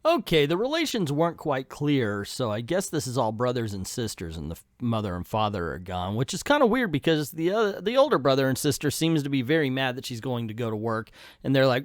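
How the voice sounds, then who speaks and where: A man's voice: mid-range voice, big pitch swings, a little fast, no echo, studio quality. A man reviewing comic books in casual commentary with sarcastic asides.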